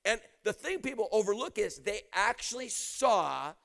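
A man preaching an energetic storytelling sermon, often shouting, acting out quotes and laughing. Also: sits high, normal speed, creaky.

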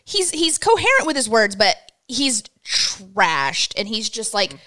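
A woman with a bright, higher voice, recounting a story in casual conversation with lively, indignant expression. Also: measured pace. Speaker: podcast co-host.

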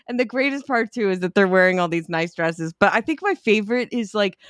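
A woman co-hosting a chatty movie podcast, animated and loose, peppering her talk with "like" and swearing. Her voice sits at a middling pitch, recorded dry and close with no room sound. She laughs easily and slips into quoted lines. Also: fairly quick, clear, resonant tone, no room sound. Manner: heavy use of "like" and swearing. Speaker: podcast co-host. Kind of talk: casual chat.

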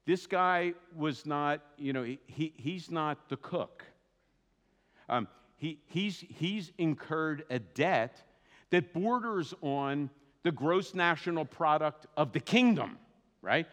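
A man preaching a sermon as a pastor, in a conversational, animated way with asides. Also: fairly high pitch, slow, big-room sound. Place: church sanctuary.

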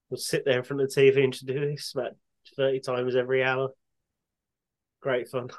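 A man's voice: medium pitch, steady tone, a little fast, low-quality recording. Sweary man in casual chat. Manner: dry, sweary, self-mocking about his injury. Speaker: podcast co-host.

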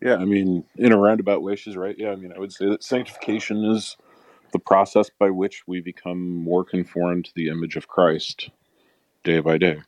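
A man on a call-in panel, explaining calmly. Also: low voice, moderate pace, dry recording.

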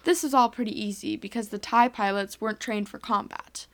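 A woman's voice: mid-range voice, steady tone, fairly quick, fairly bright tone. A woman earnestly reading a homemade space adventure story aloud.

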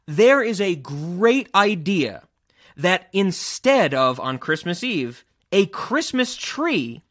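A man's voice: sits high, fairly bright tone. A man hosting a casual film discussion podcast over a remote call, enthusiastic and rambling, swearing casually. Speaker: podcast host. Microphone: remote podcast call, cameras off.

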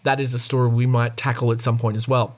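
A man's voice: medium pitch, level tone, fast talker. An Australian man hosting a podcast, reading news stories aloud in a casual way and adding chatty asides. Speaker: podcast host.

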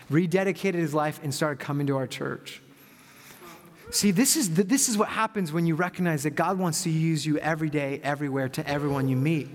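A man preaching a sermon as pastor, telling stories in a lively, conversational way. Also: fairly high pitch, fairly quick. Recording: long hall reverb.

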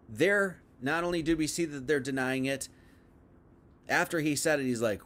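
A man giving an informal livestream sermon, reading scripture aloud and then paraphrasing it in casual everyday speech, swinging between loud emphatic bursts and hushed asides. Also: fairly high pitch, normal speed. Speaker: preacher.

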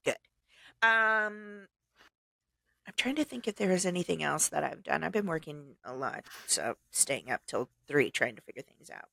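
A woman's voice: deep voice, moderate pace, vocal fry, dry recording. A woman co-hosting a podcast in casual chat, talkative and laughing often as she tells stories. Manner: chatty, laughs often, animated storyteller. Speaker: podcast co-host. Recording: dry close sound, remote call.

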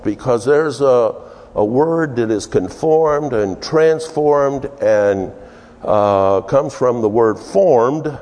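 A man preaching a sermon, working through scripture in an unhurried, halting way with many restarts. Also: medium pitch, dark tone. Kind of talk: sermon with verse study. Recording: long hall reverb.

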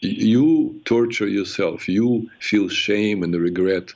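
A man hosting a call-in advice show, speaking earnestly and reflectively with frequent halting restarts. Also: on the low side, vocal fry, darkish tone. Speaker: radio show host and therapist. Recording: muffled radio broadcast sound.

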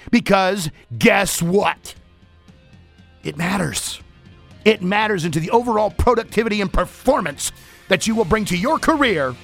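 A man with a voice that sits high hosts a radio talk show about work. He brings fired-up energy, playful asides and bursts of shouting into the studio microphone.

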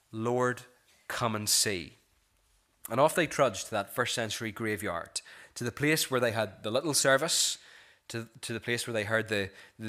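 A male pastor preaching a sermon in an earnest way, slowing and softening on key phrases and often restarting with repeated words. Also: medium pitch.

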